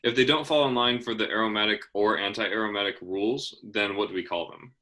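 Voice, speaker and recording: A man's voice: lowish voice, steady tone, a little fast, bright, forceful tone. A young man tutoring chemistry, asking guiding questions in a patient, casual way with frequent restarts.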